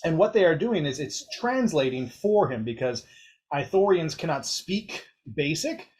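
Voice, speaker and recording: A man's voice: a little high, expressive, a little slow, a little mellow. A man narrating a tabletop game as game master, chatty and descriptive, with fillers and light laughter between lines.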